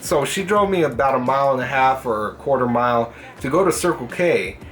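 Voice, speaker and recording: A man's voice: mid-range voice, brisk, faint music behind. Young man telling a profane story. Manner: profane, animated, puts on voices in quotes. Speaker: gaming channel host. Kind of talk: casual storytelling vlog.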